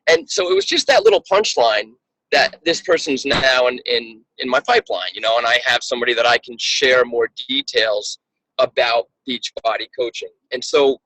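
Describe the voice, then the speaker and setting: A man's voice: mid-range voice, very animated, normal speed, sharp tone, low-quality recording. A man coaching a team member over a call, talking earnestly and often repeating words as he restarts his sentences.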